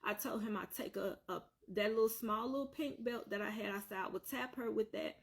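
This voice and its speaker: A woman's voice: medium pitch, a little fast, husky. Earnest woman retelling a hard story. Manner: repetitive, earnest, circling back on points. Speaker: vlogger telling her own story. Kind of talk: emotional personal storytelling.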